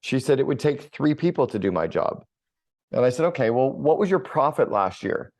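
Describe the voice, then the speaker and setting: Blunt, energetic middle-aged man. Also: mid-range voice, normal speed. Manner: blunt, energetic storytelling with swearing. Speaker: podcast guest, business coach. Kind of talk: casual conversational interview.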